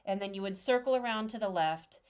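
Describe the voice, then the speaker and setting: A woman co-host chatting casually on a podcast, her voice sitting at a middle pitch. She tells her story with energy and acts out every line of dialogue along the way. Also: brisk, clean tone. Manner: animated, acts out quoted dialogue.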